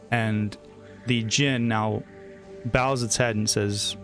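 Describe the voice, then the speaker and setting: A man narrating a tabletop game as game master, setting scenes in a slow, measured way. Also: lowish voice, fairly even intonation, fairly bright tone. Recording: home mic with faint background music.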